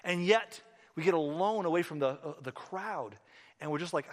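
A man, a pastor, preaching a sermon in a conversational, animated storytelling manner in a church hall. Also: fairly high pitch, moderate pace. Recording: echoey hall.

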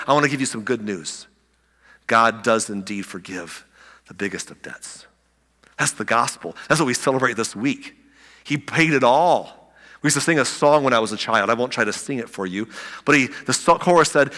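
A man preaching a sermon, animated and conversational, acting out the scripture with asides. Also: mid-range voice, a little fast. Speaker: pastor. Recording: echoey hall.

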